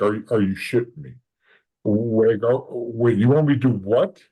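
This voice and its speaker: A middle-aged man, a podcast guest, telling his story in a lively way, acting out what others said and swearing freely. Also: medium pitch, low-quality recording. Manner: animated, acts out quoted voices, swears. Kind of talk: storytelling in an interview.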